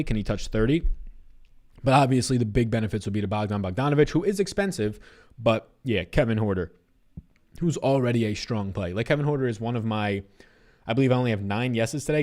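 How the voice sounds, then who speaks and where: A young man hosting a sports betting livestream, chatting loosely, reading viewer comments aloud and answering them. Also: medium pitch. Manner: fast, animated, loose and profane.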